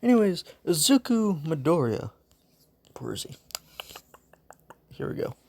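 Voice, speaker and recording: A man's voice: fairly high pitch, sing-song, a little slow, vocal fry, a little mellow. A man casually narrating a fan-made story, rambling and offhand with lots of fillers.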